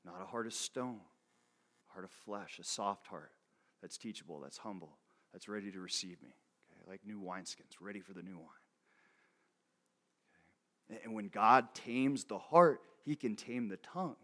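A man's voice: on the low side, normal speed, pauses often, fairly bright tone. A man preaching a sermon in a casual, conversational way. He often checks in with "okay?", laughs between points and repeats words as he restarts. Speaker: pastor.

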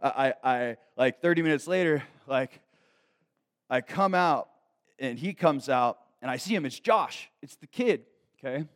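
Young man, preacher, casual sermon, chatty storytelling, lots of fillers, mid pitch. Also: a little slow. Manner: conversational, many fillers, builds to excited storytelling. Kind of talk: sermon with personal stories.

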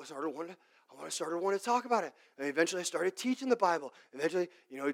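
A male pastor with a slightly high voice preaching in a loose, conversational way. He keeps checking in with his listeners and swings from loud, emphatic punches to hushed asides. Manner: chatty, peppered with "like" and "okay?" checks. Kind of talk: casual conversational sermon.

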